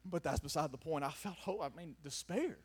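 A man with a high voice delivers an impassioned sermon to a gathered audience. He drops to quiet, reflective lines, then climbs to raised, almost shouted pleading. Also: fairly quick, breathy edge. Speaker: preacher. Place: before a gathered audience in a room.

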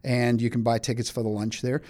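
Middle-aged radio guest, talkative, casual, plain mid voice. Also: male voice, medium pitch, little pitch movement, fairly quick, a little mellow. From England. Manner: chatty, many restarts, laughs easily. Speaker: economic development chief, studio guest.

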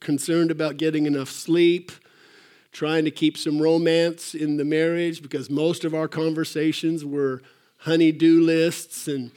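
A man's voice: on the high side, fairly even intonation, unhurried, darkish tone. An older man preaching a sermon in a church, folksy and rambling, with fillers and restarts. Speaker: pastor.

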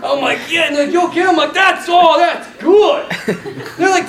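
A man telling a lively, self-mocking story to a crowd, acting out the voices of the people in it. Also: extremely high pitch, moderate pace. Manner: animated, self-mocking, acts out quoted voices. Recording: echoey room from a distance.

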